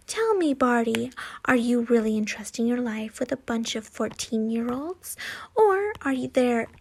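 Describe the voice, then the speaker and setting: Mean cackly witch villain, woman reading her out, slow and gravelly, baby-talk mockery. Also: a little high, a little mellow, heavily acted. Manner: taunting, sing-song mockery. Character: cruel mocking woman, dark witch villain.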